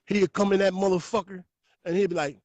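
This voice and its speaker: A man talking as a podcast guest, telling stories in a lively, profane way. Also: high-pitched, brisk, no echo. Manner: animated, profane storytelling. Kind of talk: casual podcast talk.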